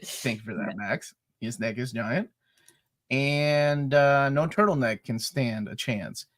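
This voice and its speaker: A man co-hosting a casual movie review, excitable and laughing often. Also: mid-range voice, slow pace, dry recording, clean studio sound. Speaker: podcast co-host.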